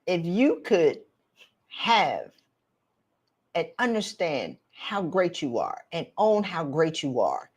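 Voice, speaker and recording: A middle-aged woman, coaching viewers in an animated, direct, slangy way on a live stream. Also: lowish voice, takes it slowly, breathy edge. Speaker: career coach for women.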